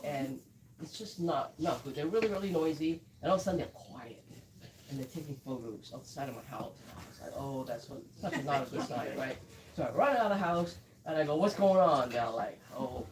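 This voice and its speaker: A woman's voice: low-pitched, far from the mic, noisy background. A woman who blends whiskey, chatting through a live tasting and telling stories with quoted asides.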